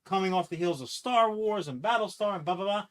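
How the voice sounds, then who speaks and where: A man chatting casually on a podcast, rambling and swearing as he pitches a movie idea with acted-out quotes. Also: a little fast. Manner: rambling, profane, animated storytelling with acted-out quotes. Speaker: podcast co-host. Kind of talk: casual comic-book podcast chat.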